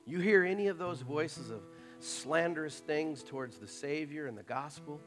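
A man preaching a sermon in a conversational way, dropping into soft mocking asides. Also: a little high, expressive, normal speed, faint music behind. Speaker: pastor.

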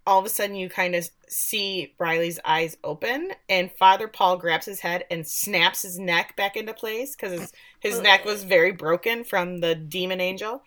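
A woman hosting a podcast, casually recapping a show in an animated way, often laughing and acting out the lines. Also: lowish voice, normal speed.

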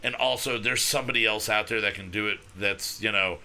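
A man's voice: fairly low pitch, steady tone, a little fast, gravelly, sharp tone. A man in his thirties chatting casually on a podcast, rambling and self-deprecating. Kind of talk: casual chat.

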